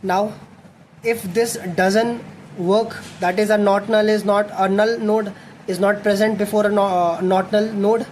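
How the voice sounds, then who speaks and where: A man's voice: sits high, flat delivery, unhurried, darkish tone. A young man teaches a coding lesson, thinking aloud and correcting himself as he writes code. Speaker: coding tutor. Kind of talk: explaining code while writing. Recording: faint background noise.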